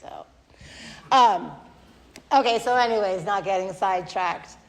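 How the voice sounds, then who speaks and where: A woman's voice: medium pitch, measured pace. A woman giving a candid, self-deprecating recovery meeting share at a podium mic, rambling with many fillers. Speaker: AA speaker. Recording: long hall reverb.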